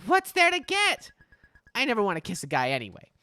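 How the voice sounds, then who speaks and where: A woman voicing a defiant, stubborn young girl with shrill, outraged protests, read aloud from a game. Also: wildly swooping pitch, fairly quick, pushed and bright, no room sound, faint music behind, exaggerated voice.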